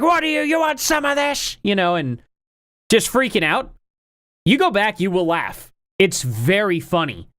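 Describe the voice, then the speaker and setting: A man riffs through casual online commentary, rambling and opinionated, with his pitch swinging up and down a lot. The recording is dry and close, with no room sound. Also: a bit bright, dry recording.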